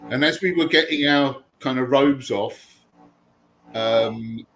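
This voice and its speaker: A man's voice: mid-range voice, slow pace, fairly bright tone, slight background noise, low-quality recording. Chatty man telling stories. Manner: chatty anecdotal storyteller. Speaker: host. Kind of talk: casual storytelling chat.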